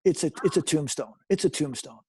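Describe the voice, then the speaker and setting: A man in his fifties, a guest on a video call, telling his recovery story in an animated way and repeating phrases for emphasis. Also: fairly high pitch, a little fast, slightly rough. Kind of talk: personal storytelling.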